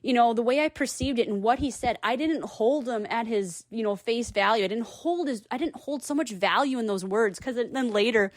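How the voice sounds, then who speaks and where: A woman's voice: a little high, a little fast, hardly any pauses, no room sound, studio quality. A woman in her thirties telling a personal story and giving earnest, encouraging advice. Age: 30s.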